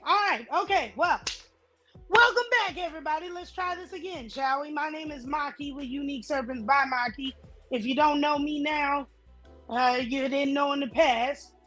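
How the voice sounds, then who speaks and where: A woman with a notably high voice hosts a casual chat, speaking through a headset. She talks to her viewers in a loose, slangy way. Music plays clearly behind her. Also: rough recording. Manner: relaxed, slangy, addresses viewers directly. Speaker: host.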